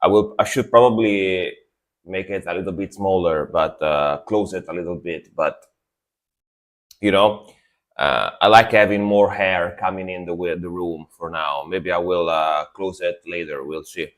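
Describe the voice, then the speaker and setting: A man talks casually to his stream viewers in a somewhat low voice. He sounds sleepy, as if he just woke up, and rambles along, repeating words with plenty of fillers. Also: fairly even intonation, normal speed. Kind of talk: casual livestream chat.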